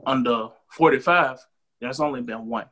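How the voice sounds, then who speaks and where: A man's voice: medium pitch, normal speed, bright, forceful tone. Man urging listeners on a podcast. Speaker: podcast co-host. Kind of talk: casual conversation.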